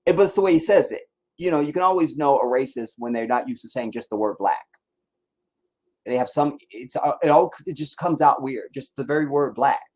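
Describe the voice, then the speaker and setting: A man's voice: medium pitch, fairly quick, darkish tone. A man hosting a casual livestream, ranting and rambling with heavy profanity. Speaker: livestream host.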